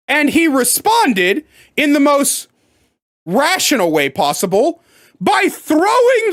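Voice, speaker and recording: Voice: high-pitched, slow pace. A storyteller recounting a workplace story in a storytime vlog, emphatic and profane. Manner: animated, profane, emphatic retelling.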